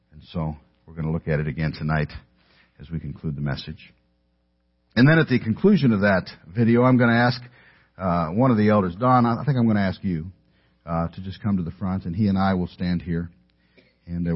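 Male pastor, lowish husky voice, casual delivery from the pulpit, dull lo-fi sound. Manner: relaxed, conversational, with many fillers. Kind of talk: sermon with scripture reading. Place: church sanctuary.

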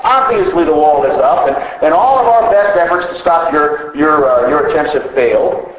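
A man preaching a sermon, telling stories with animated delivery and acting out the characters' lines. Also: fairly high pitch, moderate pace, reverberant, noisy background. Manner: animated storytelling, voicing characters in quotes. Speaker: pastor.

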